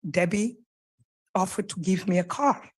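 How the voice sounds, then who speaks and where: A woman with a French accent, a native French speaker, giving an earnest, halting public comment at a podium microphone in a council chamber. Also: mid-range voice, a little mellow. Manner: earnest, halting, with pauses and restarts. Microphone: podium microphone, close.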